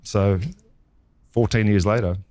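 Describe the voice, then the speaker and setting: A man in his forties with an Australian accent, a former pitcher guest telling his story in a casual interview and acting out the dialogue. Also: measured pace. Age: 40s. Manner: lively storyteller who acts out quoted dialogue.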